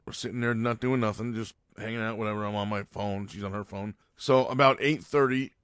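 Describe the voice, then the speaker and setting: A man's voice: fairly low pitch, fairly even intonation, brisk, a bit bright, clean tone, dry recording, clean studio sound. A man hosting his own podcast, telling a long story in a loose, rambling way and correcting himself as he goes. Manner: rambling, loose, lots of fillers and self-corrections. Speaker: podcast host. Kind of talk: casual storytelling monologue.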